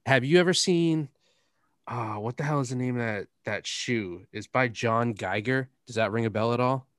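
A man's voice: mid-range voice, normal speed, fairly bright tone, no room sound. Young guy hosting a podcast, rambly stories, laughs a lot, very dry sound. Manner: rambling storyteller, laughs often, drops curses. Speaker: podcast host. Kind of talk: casual chat.

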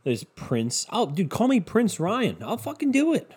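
Young american guy ranting, swears a lot, sarcastic, voice jumps all over, kinda high. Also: huge pitch swings, a little slow, a little mellow, slightly rough. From United States. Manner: sarcastic, profane, mocking. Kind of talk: casual ranting monologue.

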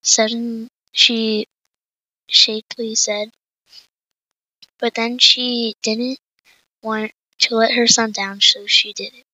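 A woman reading her own short story aloud in a halting way, in a dull, dry, lo-fi recording. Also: on the high side, level tone, bright, forceful tone, dry recording. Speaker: story reader.

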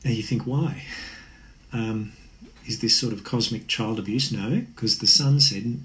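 A man's voice: on the low side, moderate pace, poor audio. A man preaching an earnest, conversational sermon. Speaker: pastor.

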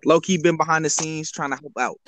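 A man's voice: on the high side, fairly even intonation, fairly quick, a bit bright, slight background noise. A young man guesting on a casual podcast, talking in a laid-back, slangy, playful way.

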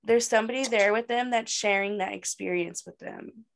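A woman co-hosting a podcast in casual chat, animated and laughing often, with many fillers. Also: mid-range voice, normal speed, vocal fry. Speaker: podcast co-host.

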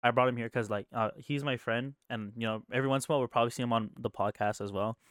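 A man's voice: medium pitch, steady tone, very fast, fairly bright tone, dry recording. Effusive young man, dry close sound. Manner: swearing, effusive, emphatic about loyalty. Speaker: podcast host. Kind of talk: casual chat.

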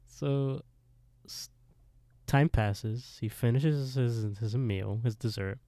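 A man's voice: medium pitch, slow, no room sound. A man co-hosting a podcast, casually retelling a TV episode with lots of swearing and laughter. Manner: animated storyteller, swears, laughs often. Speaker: podcast co-host.

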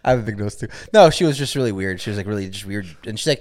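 A man's voice: lowish voice, animated, racing, a little mellow. A young man from the Chicago area, a podcast co-host, rambling crudely and joking with many restarts in casual banter.

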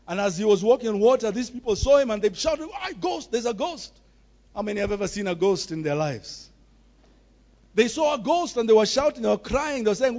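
A man delivers a sermon in a high voice, pressing each point with emphatic repetition. The recording sounds dull and lo-fi, with the top end muffled. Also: a little mellow. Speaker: preacher.

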